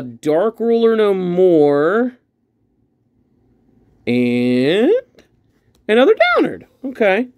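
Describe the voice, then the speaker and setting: A chatty man opens trading card packs and talks his way through every pull. His voice swings up and down in pitch, and he takes his time, drawing out his words at an unhurried pace. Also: clean tone. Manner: chatty, excitable, thinks aloud while sorting cards. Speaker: card collector opening packs. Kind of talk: casual pack-opening commentary.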